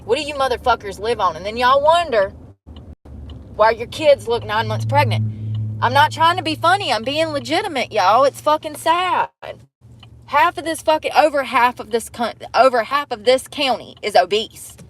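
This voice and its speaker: A young woman rambles to her phone camera from inside a car, blunt and full of swearing as she complains. Her voice sits fairly high, and a faint hum of the car runs under it. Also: expressive, normal speed. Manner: blunt, heavily profane and complaining. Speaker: vlogger. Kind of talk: casual rambling monologue.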